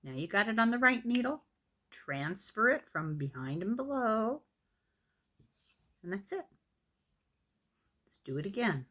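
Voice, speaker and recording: An older Irish woman teaching knitting at an unhurried, deliberate pace, her voice rising and falling in a lively, sing-song way. She talks the viewer through each step patiently, with a gentle, self-deprecating warmth. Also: mid-range voice. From Ireland. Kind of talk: step-by-step craft tutorial.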